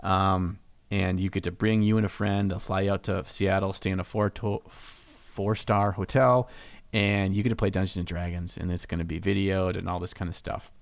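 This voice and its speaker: Low-voiced guy rambling and joking on a hobby podcast, dry close sound. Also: flat delivery, normal speed, dry recording. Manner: joking, rambling, self-mocking. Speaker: podcast co-host. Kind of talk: casual hobby podcast chat.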